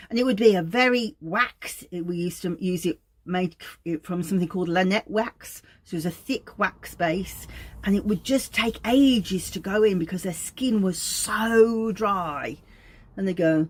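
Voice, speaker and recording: A woman's voice: on the low side, measured pace. Woman telling meandering stories. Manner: meandering anecdotal storytelling. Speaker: aromatherapist. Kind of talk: informal teaching talk.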